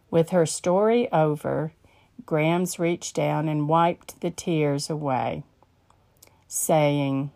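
A woman narrating a story in a measured, earnest way. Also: deep voice, steady tone, mellow.

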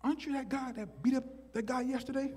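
A man plays an eager, impressed schoolboy. The voice is raised above his usual pitch. A long echo hangs in the hall. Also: steady tone, fast talker, warm tone, slightly rough. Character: eager schoolboy in the lunch line.

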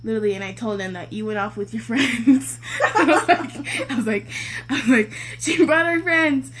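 A woman's voice: a little high, moderate pace. A young woman casually telling a family story, acting out what everyone said and laughing as she goes. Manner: animated storytelling, acts out quoted voices, laughs often. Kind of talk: casual chat.

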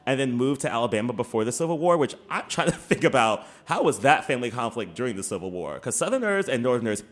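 A man co-hosting a casual podcast chat, animated and swearing, with lots of fillers and laughs. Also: mid-range voice, quick pace. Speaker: podcast co-host.

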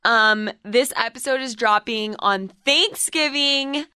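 Bright, playful young woman podcast host. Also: a little high, clean tone, dry recording, studio quality. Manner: playful, quick, swearing, teasing. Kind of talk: casual chat and ad read.

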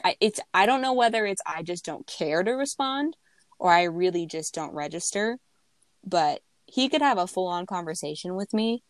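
Young woman host, chatty and laughing, lowish voice, dry close sound. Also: animated, normal speed, dry recording. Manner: chatty, laughs often, many restarts. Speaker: podcast co-host. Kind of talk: casual chat.

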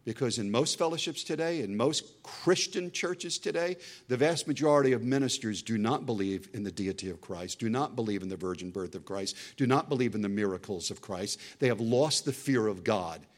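A male guest preacher delivers a fervent, expressive sermon in an ordinary middle pitch, swinging between loud, emphatic bursts and hushed, intense passages. Whenever he quotes scripture, he slows way down into a dramatic reading.

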